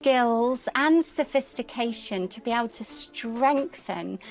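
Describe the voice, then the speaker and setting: A woman historian giving a measured, informative documentary interview. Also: a little high, lively intonation, soft background music, poor audio.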